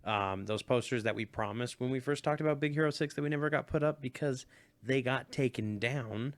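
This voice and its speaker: Eager, joking young man. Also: medium pitch. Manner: eager, joking, quick to laugh. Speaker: podcast co-host. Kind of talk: casual chat.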